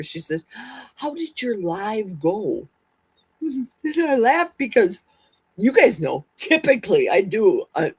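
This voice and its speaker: A middle-aged woman hosting a casual livestream, talking fast and rambling from one topic to the next. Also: lowish voice, slightly rough, no echo. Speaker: livestream host.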